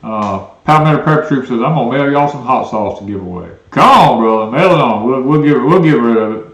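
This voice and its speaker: A man's voice: mid-range voice, animated, a little fast, echoey room, highs cut off. A man with a Southern US accent co-hosting a homestead live stream, rambling casually and reading viewer comments aloud. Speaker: homestead channel co-host.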